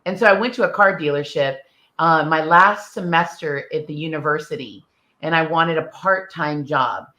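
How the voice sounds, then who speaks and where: A middle-aged woman, an interview guest, telling her story in a bold, lively way and acting out the dialogue. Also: low-pitched, moderate pace. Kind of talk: casual storytelling.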